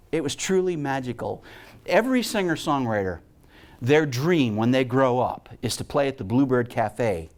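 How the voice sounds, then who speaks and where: Animated man telling stories. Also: mid-range voice. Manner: animated storyteller, acts out voices. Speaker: guest speaker and musician. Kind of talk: storytelling talk to a spiritual community.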